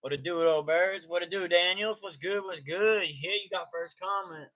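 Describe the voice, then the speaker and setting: A man's voice: high-pitched, normal speed, fairly bright tone. A man hosting a casual live sports stream, talking in slang and greeting chatters by name.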